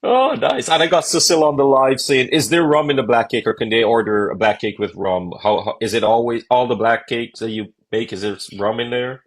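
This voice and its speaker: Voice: medium pitch, brisk, few pauses. A host asking questions in a casual interview, encouraging and full of small affirmations, often restarting questions.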